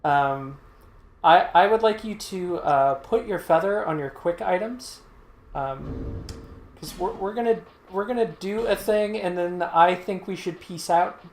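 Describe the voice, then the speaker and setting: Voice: mid-range voice, measured pace, a little hiss or hum. Gaming host, casual recap, hesitant with many fillers, echoey room. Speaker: let's play host.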